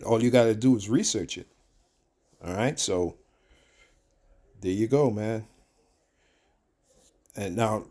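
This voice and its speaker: A man's voice: on the low side, mellow. A man hosting his channel, explaining a topic in casual commentary and often checking in with the listener. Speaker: channel host.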